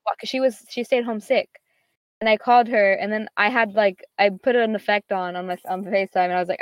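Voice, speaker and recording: A woman's voice: mid-range voice, steady tone, brisk, dry recording. A teenage girl chatting casually, telling a long story full of fillers and quoted back-and-forth. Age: teens. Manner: rambling, filler-heavy, quotes others. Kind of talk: casual chat.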